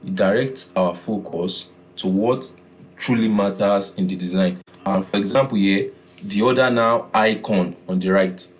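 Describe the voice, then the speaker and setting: A man teaching a beginners' design class, often repeating his key points and pausing with "uh". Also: fairly low pitch. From Nigeria. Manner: repeats key phrases, filler "uh". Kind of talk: classroom lesson.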